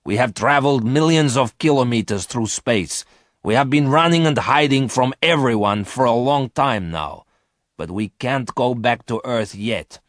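A man's voice: mid-range voice, expressive, moderate pace, dry recording, pitched above the performer's own voice, natural voice. Guy doing a harsh bossy space thief, up-and-down voice, dry close sound. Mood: scheming. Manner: harsh, commanding. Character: ruthless male space thief leader.

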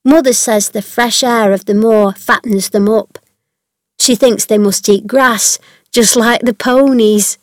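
A woman voicing a cheerful, chatty and kind young female servant in a storybook reading, with a brisk, friendly manner. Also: on the high side, fairly even intonation, no room sound, natural voice.

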